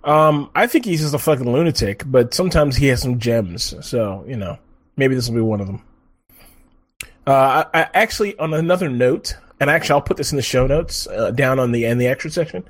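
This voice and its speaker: A male podcast co-host chats casually, rambling, swearing, and using plenty of fillers. His mid-range voice is expressive and a little fast.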